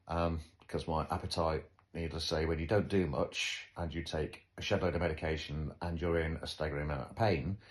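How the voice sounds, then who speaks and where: Deep-voiced male host, casual chat, dry self-mocking humour. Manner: wry, joking, self-deprecating. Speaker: podcast host.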